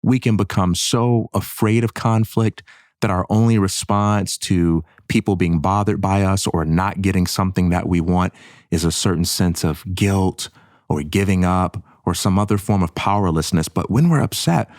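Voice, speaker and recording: A man co-hosting a podcast, explaining ideas earnestly and getting animated when he voices other people's thoughts. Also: deep voice, moderate pace, no room sound, studio quality. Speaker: podcast co-host. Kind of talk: conversational podcast discussion.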